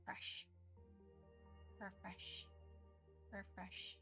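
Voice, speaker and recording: A young woman chatting casually on her art livestream, excitable and rambling with lots of fillers as she gushes thanks. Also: mid-range voice, a little slow, pauses often, music in the background. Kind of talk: casual live-stream chat.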